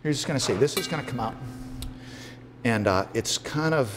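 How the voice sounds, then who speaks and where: A man's voice: mid-range voice, expressive, normal speed. Chatty man cooking on TV. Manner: chatty, joking, talks through steps with fillers. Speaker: guest cook. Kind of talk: casual cooking demo. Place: TV studio kitchen.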